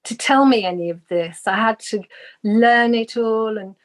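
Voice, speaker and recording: A woman's voice: on the high side, measured pace. A woman, a guest on an interview show, earnestly telling a personal spiritual story and acting out the voices she quotes.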